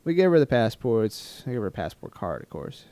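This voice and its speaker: A man telling a travel story in a rambling, animated, self-mocking storytime vlog style. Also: medium pitch, fairly quick, no room sound. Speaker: travel vlogger.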